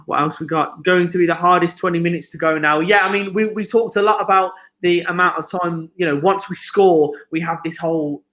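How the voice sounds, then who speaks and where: A man with a Birmingham accent hosting a live football watchalong, chatty and excitable, often shouting at the match. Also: sits high, brisk, hardly any pauses. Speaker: stream host.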